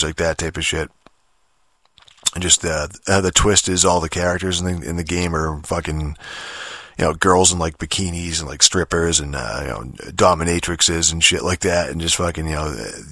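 A man's voice: sits low, bright, forceful tone, dry recording. A man rambling in a casual, profane rant about video games, full of filler words, restarts and exasperated mockery. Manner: exasperated, mocking. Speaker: gamer talking about games.

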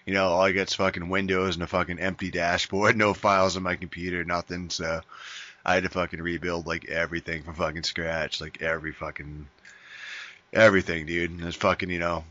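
A man with a very low, bright-edged voice tells a rambling story in casual podcast chat, swearing constantly and saying dude over and over. The sound is dry and a bit dull and lo-fi. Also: no echo. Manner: profane rambling storytelling, says dude a lot.

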